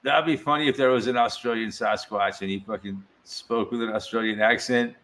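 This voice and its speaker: A man's voice: mid-range voice, fairly even intonation, a little fast, crowd noise. A man hosting a casual podcast chat, laid-back, laughing often and swearing casually. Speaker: podcast host.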